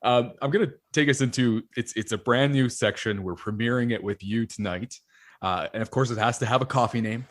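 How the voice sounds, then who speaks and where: A man hosting a podcast, chatting casually and playfully firing off quick quiz questions at his guest. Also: mid-range voice. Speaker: podcast host. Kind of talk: casual interview chat.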